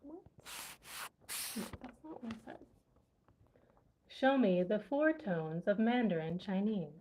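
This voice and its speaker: A woman's voice: mid-range voice, big pitch swings, slow pace, highs cut off, slight background noise. A woman language vlogger chatting casually, musing aloud and laughing often as she recalls words. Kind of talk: casual livestream chat.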